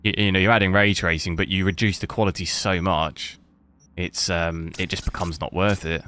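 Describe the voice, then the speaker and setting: A man's voice: low-pitched, steady tone, moderate pace, fairly bright tone. A man streaming a game, chatting casually and rambling through his commentary, with noisy stream audio. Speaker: gaming streamer.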